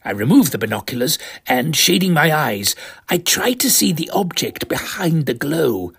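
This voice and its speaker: A man's voice: medium pitch, sing-song, normal speed, creaky, a bit bright, slightly rough. A man doing a pompous old English gent. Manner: pompous, posh old-fashioned slang. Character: pompous elderly English gentleman adventurer. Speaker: storyteller. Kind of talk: comic first-person narration.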